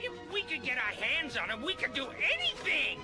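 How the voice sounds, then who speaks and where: A woman voicing a gleeful scheming crook in an animated film who cackles over her plans. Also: high voice, brisk. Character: scheming giggly female crook. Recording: film clip under loud music.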